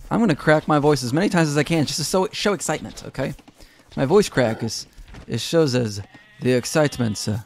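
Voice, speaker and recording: A man's voice: mid-range voice, creaky. A young man giving casual, chatty commentary on a strategy game, poking fun at himself. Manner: chatty, self-mocking, laughs at own jokes. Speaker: game caster.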